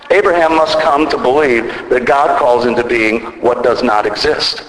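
A man's voice: mid-range voice, fairly bright tone. Man preaching in an echoing hall. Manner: measured preaching with rising emphatic peaks. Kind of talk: sermon. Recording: echoey hall, faint background noise.

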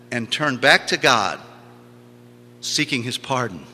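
Man, sermon, emphatic preaching, repeats phrases, very bright tone, long hall echo. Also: medium pitch, lively intonation, takes it slowly, long pauses.

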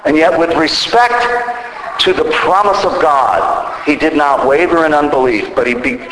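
A man preaching a sermon in a measured way, building to emphatic peaks. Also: fairly high pitch, fairly bright tone. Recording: echoey hall, faint background noise.

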